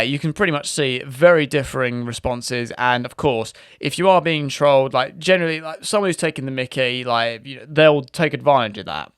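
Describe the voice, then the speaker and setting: A man's voice: mid-range voice, a bit bright, clean tone, dry recording, clean studio sound. A British man hosting a casual online video, talking in a chatty, rambling way with frequent restarts. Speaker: YouTube host. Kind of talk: casual commentary.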